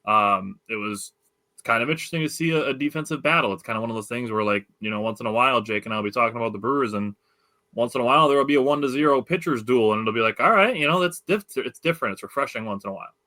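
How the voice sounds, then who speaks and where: Wisconsin guy hosting a sports podcast, bright voice, dry close sound, lots of ums. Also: medium pitch, racing, no room sound. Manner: loose, filler-heavy, enthusiastic. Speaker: podcast host. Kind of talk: casual sports podcast chat.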